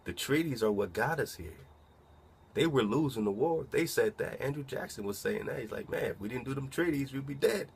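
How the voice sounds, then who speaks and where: A man's voice: medium pitch, lively intonation, gravelly, slightly rough. A man reading a document aloud and commenting on it in a casual way, asking himself rhetorical questions as he goes. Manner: muses aloud, asks rhetorical questions, reads slowly then comments.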